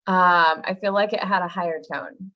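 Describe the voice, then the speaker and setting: A woman's voice: lowish voice, steady tone, normal speed. A woman hosting an interview, giving brief and curious replies and asking questions. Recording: dull lo-fi recording.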